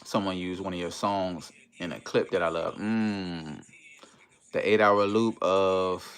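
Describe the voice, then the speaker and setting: A man hosting a casual livestream in a relaxed, easygoing way, reading viewer comments aloud and greeting them. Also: deep voice, smooth. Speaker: livestream host.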